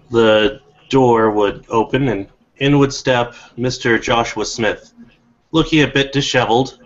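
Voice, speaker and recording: A man playing a tabletop game, describing his character's actions with a few fillers, on a dull lo-fi recording. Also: mid-range voice. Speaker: player.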